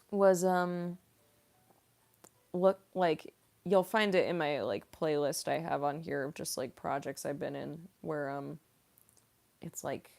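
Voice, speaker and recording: A young woman voice actress answering viewer questions on her stream, talking slowly and easily with plenty of "like" and a giggle never far off. Her voice sits a bit low for a woman. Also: vocal fry, darkish tone. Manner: chatty, giggly, heavy on "like". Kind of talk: casual livestream Q&A.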